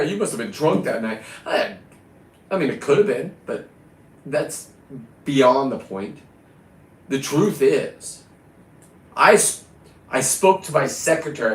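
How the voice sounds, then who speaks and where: Middle-aged guy ranting and bragging, swears a lot, voice bouncing off the walls. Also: mid-range voice. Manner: profane, boastful and rambling. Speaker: vlogger. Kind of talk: rambling casual monologue. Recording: echoey room.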